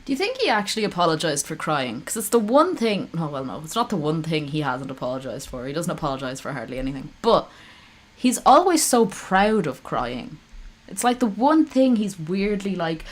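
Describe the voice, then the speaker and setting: A woman's voice: mid-range voice, lively intonation, moderate pace. A woman streaming live, reacting to a call with sarcastic, profane, rambling commentary.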